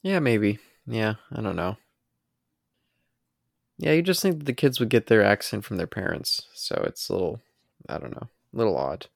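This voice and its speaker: Low gravelly man chatting about a film. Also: sing-song, moderate pace, pauses often, no echo, studio quality. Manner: hesitant, thinks aloud with fillers. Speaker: podcast co-host. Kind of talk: casual film commentary chat.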